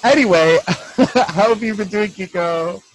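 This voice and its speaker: Giggly host guy, kinda high voice, teasing his guest, bad mic on a zoom call. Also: a little slow, a crowd in the background, rough recording. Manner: giggly, teasing, laughs often. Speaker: podcast host. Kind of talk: casual chat. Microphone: poor-quality mic on a video call.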